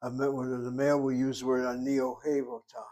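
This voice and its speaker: A man's voice: medium pitch, level tone, brisk, a little mellow. A man teaching a Hebrew class, explaining words and grammar step by step. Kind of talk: classroom lecture.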